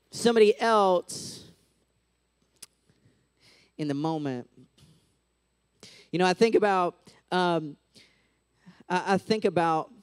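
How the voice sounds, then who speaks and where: A man's voice: high voice, a bit bright, smooth, no echo. A man in his thirties giving a casual, chatty sermon as a youth pastor, full of "like" and "right?", on a close mic.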